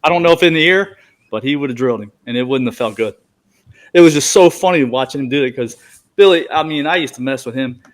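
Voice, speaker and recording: A man's voice: medium pitch, fast. A man, a former ballplayer, telling a clubhouse story in casual chat, laughing and acting out the quotes. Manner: animated, laughing, acts out quotes. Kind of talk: casual storytelling among friends.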